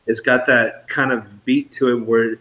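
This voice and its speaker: A man with a mid-pitched voice joins a casual livestream chat and explains his points loosely, with plenty of fillers. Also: little pitch movement, measured pace, a bit bright, low-quality recording.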